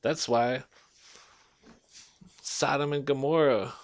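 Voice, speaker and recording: A man's voice: medium pitch, steady tone, slow pace. A man delivering a blunt, profanity-heavy casual rant to the camera. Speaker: vlogger.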